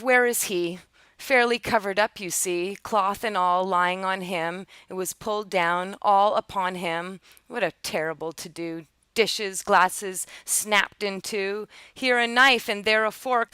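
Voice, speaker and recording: A woman reading aloud from a rhyming children's picture book, jumping high and loud for the characters' cries. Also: a little slow, clear, resonant tone, no echo. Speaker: storyteller.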